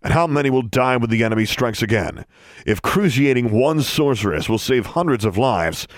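A big, grandfatherly old wizard turned fanatic, booming and ranting in a raised, pushed voice. A man acts him out in a dry, close audiobook read. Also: brisk, no room sound, close to an everyday voice. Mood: fanatical. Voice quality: deep booming voice. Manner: ranting, increasingly heated.

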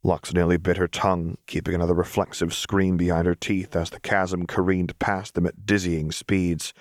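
A man reading a fan-fiction story aloud as narrator, with steady storytelling. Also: low-pitched, dry recording, clean studio sound. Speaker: audiobook narrator. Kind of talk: scripted narration.

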